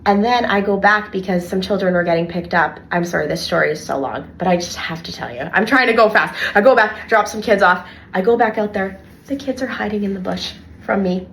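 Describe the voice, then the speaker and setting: A young adult woman, co-hosting a casual podcast and telling animated stories from her childcare work with lots of "like". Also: mid-range voice, fairly quick, gravelly, slight background noise. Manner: animated storyteller, heavy filler "like". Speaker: podcast co-host and childcare worker.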